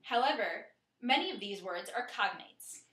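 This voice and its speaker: A woman narrating a scripted lesson in a clear, steady way, slowing down to spell out and pronounce words. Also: medium pitch, reverberant. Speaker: teacher.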